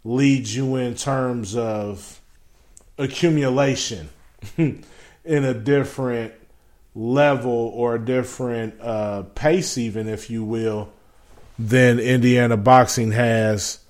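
A man's voice: mid-range voice, slow. Easygoing male interview host. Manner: relaxed, rambling questions with fillers. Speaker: podcast host. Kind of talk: casual interview.

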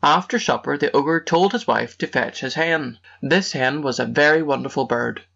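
Male storybook narrator, gravelly, steady read-aloud rhythm, muffled audio. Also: on the high side, normal speed.

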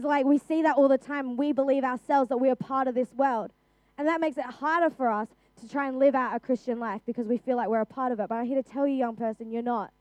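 A young Australian woman gives a youth sermon in a high, clear voice. She talks earnestly and casually, often restarting phrases and dropping in "like". The sound is close and dry, with no room around it. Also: darkish tone, no echo. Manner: earnest, conversational, with frequent restarts and "like". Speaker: youth preacher.

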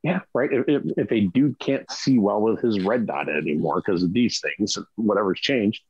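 A man's voice: fairly low pitch, normal speed, darkish tone, husky, dry recording, lo-fi sound. A middle-aged man in casual chat, rambling with restarts and frequent "right?" asides. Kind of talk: casual chat about rifle optics.

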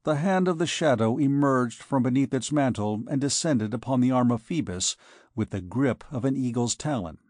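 A man narrating a classic novel as an audiobook in a measured, unhurried reading. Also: mid-range voice, animated, a little mellow, no room sound, studio quality. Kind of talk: scripted narration.

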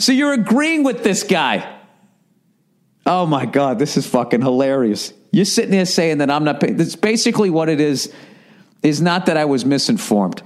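A man's voice: fairly high pitch, big pitch swings, normal speed, pauses often. Profane sarcastic man ranting solo. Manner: profane, sarcastic, arguing back at listener emails. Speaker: podcast host. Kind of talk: solo comedic podcast rant.

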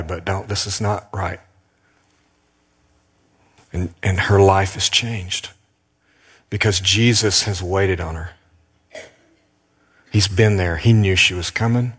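Deep-voiced pastor preaching in a reverberant hall. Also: male voice, fairly bright tone, slightly rough. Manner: earnest, slow and emphatic with dramatic pauses. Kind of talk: sermon.

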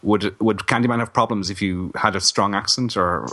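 A middle-aged man co-hosting a casual film review podcast, chatty and animated, laughing often. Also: fairly low pitch, normal speed. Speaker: podcast co-host.

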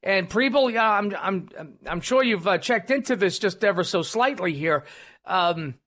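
A self-deprecating talk radio host speaks a little slowly into his studio mic, his high, bright voice carrying lively intonation. His monologue rambles, peppered with fillers and false starts.

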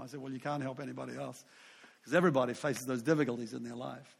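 A man's voice: mid-range voice, fairly even intonation, rapid-fire, vocal fry, slightly rough. A man in his sixties, a pastor preaching a sermon in a loose, conversational way, full of asides and self-deprecating humor.

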